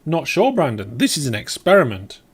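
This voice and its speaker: A man's voice: fairly high pitch, sing-song, normal speed, slightly rough. A man streaming a game live, thinking aloud as he plays and chatting back to his viewers. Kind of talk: live let's play commentary.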